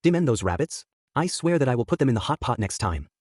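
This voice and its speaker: A man's voice: mid-range voice, sing-song, quick pace, breathy edge, no echo. A man voicing a fierce, hot-tempered young woman in a fanfic reading. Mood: fierce, angry. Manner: fierce, shouting.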